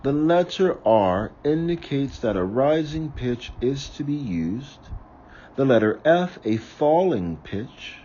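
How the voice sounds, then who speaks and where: A man reading aloud from a book, slowly and carefully, sometimes correcting himself. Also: medium pitch, warm tone, dull audio, slight background noise. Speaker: reader of a book on ritual.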